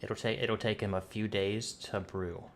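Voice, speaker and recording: A man running a tabletop game as game master, talking in a halting way with many fillers and restarts, with a cough. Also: on the low side, fairly even intonation, a little hiss or hum.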